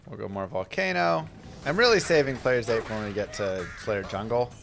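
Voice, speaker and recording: A man's voice: on the low side, lively intonation, normal speed, gravelly, fairly bright tone, slight background noise. A man giving casual, chatty commentary while streaming a game, mixing game tips with family stories.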